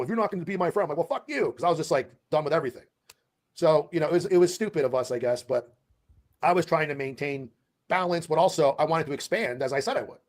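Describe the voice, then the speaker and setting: A man on a casual livestream telling a profane, rambling story full of quoted back-and-forth. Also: fairly high pitch.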